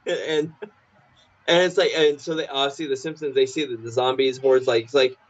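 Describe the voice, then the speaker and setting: A man's voice: medium pitch, little pitch movement, normal speed. Man, podcast co-host, rambling casual chat, filler-heavy, goofy quote voices, dull lo-fi audio. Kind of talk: casual chat retelling cartoon scenes.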